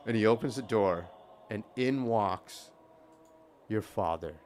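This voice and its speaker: A man's voice: lowish voice, takes it slowly, darkish tone, slight background noise. A man narrating as dungeon master in a tabletop game, in a loose, playful manner.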